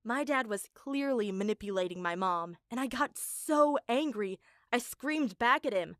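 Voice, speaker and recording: High-voiced woman narrating a personal story. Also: animated, unhurried, fairly bright tone, no echo, studio quality. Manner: earnest, emotional storytelling.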